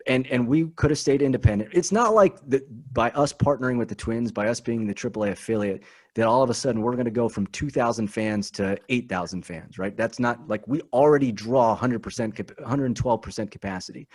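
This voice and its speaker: A man as a podcast guest, talking in an animated, emphatic way and often repeating his words. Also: mid-range voice. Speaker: guest, team spokesman. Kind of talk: casual podcast chat.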